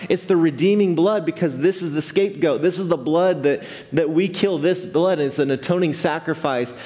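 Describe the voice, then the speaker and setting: A man preaching a sermon as pastor, animated and conversational with frequent restarts. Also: on the high side, a little fast. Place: church sanctuary. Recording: long hall reverb.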